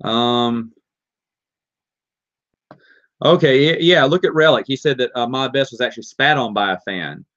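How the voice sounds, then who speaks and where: A man's voice: medium pitch, fairly quick, fairly bright tone. A man with a Southern accent hosts a live question-and-answer stream, reading viewer questions aloud and talking them over in a loose, rambling way. His voice sits in a middle range. The sound is dull and lo-fi, like cheap stream audio. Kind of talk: casual live Q&A.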